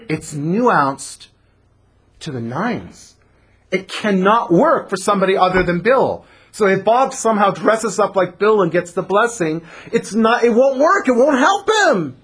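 Man, Torah lecture, husky voice, lively swooping pitch, dramatic, acts out voices. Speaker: Torah teacher.

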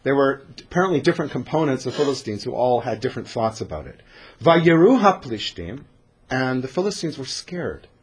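A man teaching a Bible class, animated and sarcastic, reading verses and explaining them. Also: mid-range voice, fairly quick, breathy edge. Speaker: scripture teacher.

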